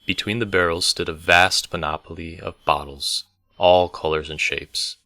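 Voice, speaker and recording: A man reading a fantasy novel aloud, steady and even. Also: deep voice, a little slow, no room sound, clean studio sound. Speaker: book reader. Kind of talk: audiobook narration.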